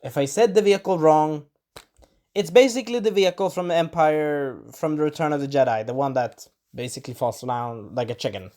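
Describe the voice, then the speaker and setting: A Swedish-born speaker recapping an episode in a casual, rambling review, stumbling over names and acting out quotes, and now and then clearing a scratchy throat. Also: mid-range voice, fairly quick, mellow. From Sweden. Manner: rambling, enthusiastic, acts out quotes in little voices. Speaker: video reviewer. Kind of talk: casual spoiler review monologue.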